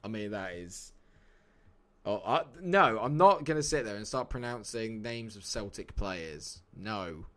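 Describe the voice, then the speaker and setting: A man's voice: fairly low pitch, lively intonation, a little slow, a bit bright. A man, chatting casually and joking with viewers while streaming a game. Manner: chatty, jokey, answers chat by name. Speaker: live-streamer. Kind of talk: casual live-stream chat.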